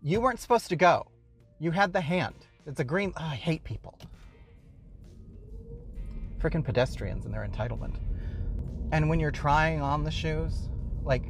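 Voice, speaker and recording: A man hosting a casual show from his car while driving, rambling with wry, exasperated asides. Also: on the high side. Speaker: host.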